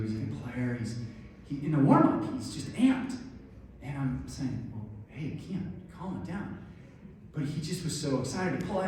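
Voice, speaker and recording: Middle-aged man, instructive talk, mellow voice, heavy room echo, away from the mic. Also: fairly low pitch, recorded from a distance, a little hiss or hum. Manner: explanatory, addresses listeners directly. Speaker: speaker on tennis injuries. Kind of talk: instructive talk with a guided breathing exercise.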